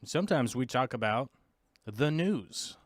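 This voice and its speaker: A man's voice: mid-range voice, expressive, unhurried, dry recording, clean studio sound. A man hosting his own long-format podcast, opening with playful, rambling banter and joking asides. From United States. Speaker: podcast host. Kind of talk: goofy live-stream opening banter.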